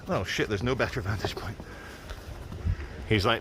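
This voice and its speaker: A man's voice: lowish voice, normal speed, noisy background. A middle-aged man vlogging as he walks outdoors through city streets, giving a sarcastic running commentary into a handheld camera. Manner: wry, sarcastic running remarks. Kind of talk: walking commentary.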